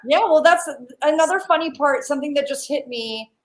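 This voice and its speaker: Brief: woman psychic guest, earnest and reflective, slightly high voice. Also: a little fast. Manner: earnest, thoughtful, trails off and restarts. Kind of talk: casual chat.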